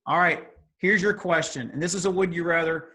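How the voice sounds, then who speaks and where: A youth group leader with a somewhat high voice hosts a casual video call, playfully teasing and wandering into chatty asides. His tone is steady, pushed, bright and husky, and he speaks a little fast. The sound comes through a video call mic.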